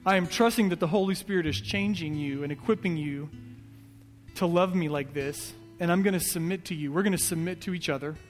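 A pastor delivers a sermon in a slightly high voice, building earnestly and repetitively at a brisk pace. His words ring out with a long echo through a church hall as soft guitar plays beneath.

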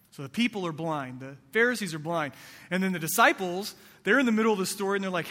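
A man's voice: high voice, expressive, quick pace, bright, forceful tone. A male pastor preaching a sermon in a conversational way, asking his listeners rhetorical questions. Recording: long reverb of a large hall.

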